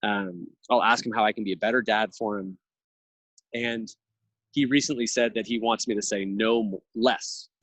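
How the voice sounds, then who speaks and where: Thoughtful guy in his 30s, earnest podcast guest, lowish voice, dry close sound. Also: steady tone, moderate pace, a bit bright, dry recording, poor audio. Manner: earnest, reflective, speaks in long thoughtful runs. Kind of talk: casual conversational interview.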